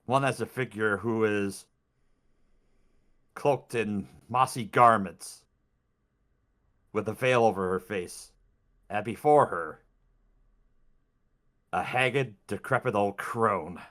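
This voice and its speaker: A man narrating a tabletop game as dungeon master, describing scenes in an expressive way. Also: fairly low pitch, slow, pauses often.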